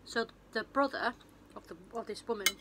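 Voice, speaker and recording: A woman's voice: fairly high pitch, normal speed, background noise. A woman chatting on her vlog, rambling through a film plot with lots of fillers and restarts, recorded on a phone. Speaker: vlogger and film reviewer. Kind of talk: casual retelling of a film plot.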